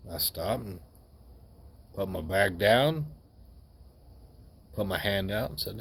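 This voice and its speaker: A man telling a personal story in a candid, wry, unhurried way. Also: low-pitched, expressive, gravelly, slight background noise.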